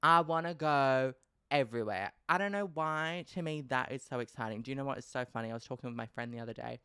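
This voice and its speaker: An Australian man hosting a casual solo podcast, talking in an animated, playfully dramatic way and swearing freely. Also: medium pitch, racing, smooth, no echo, clean studio sound. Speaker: podcast host.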